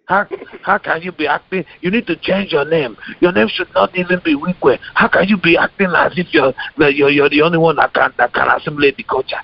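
A man's voice: on the high side, a little fast, vocal fry, highs cut off, pitched above the performer's own voice. A man voicing an angry male commenter with a Nigerian accent, ranting and threatening.

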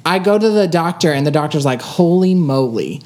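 A young woman with a low, deep voice, chatting casually with friends. She tells stories with animated energy, acting out what people said and breaking into laughter. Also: fast talker. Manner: animated storytelling, acts out quotes, laughs often. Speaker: storyteller in group chat. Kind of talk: casual podcast chat.

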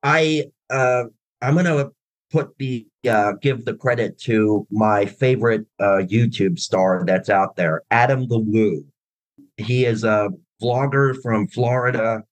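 A man's voice: mid-range voice, slow pace, no room sound, rough recording. Man, interview guest, rambling, chatty, dry close mic. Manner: chatty, rambling with many restarts and fillers. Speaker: guest, tribute band drummer. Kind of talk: casual interview chat.

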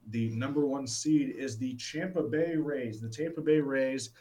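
A man's voice: mid-range voice, unhurried, dark tone, rough recording. A man co-hosting a casual sports talk show, enthusiastic and rambling, with plenty of restarts. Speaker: sports podcast co-host.

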